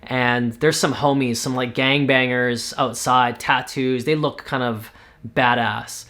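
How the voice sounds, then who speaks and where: A man from Canada casually pitching a TV series, talking in a rambling way with lots of fillers. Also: steady tone, takes it slowly, fairly bright tone. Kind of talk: casual spoken story pitch.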